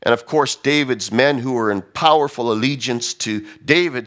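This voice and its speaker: A man preaching a sermon, animated, swinging from loud emphasis to hushed tones as he acts out quotes. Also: mid-range voice, moderate pace, hardly any pauses. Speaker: pastor.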